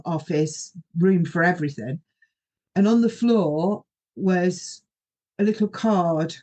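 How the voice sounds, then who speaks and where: A woman's voice: fairly low pitch, mellow, muffled recording. Rambling middle-aged woman storyteller. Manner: rambling, anecdotal, often quoting herself. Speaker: podcast host. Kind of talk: personal storytelling monologue.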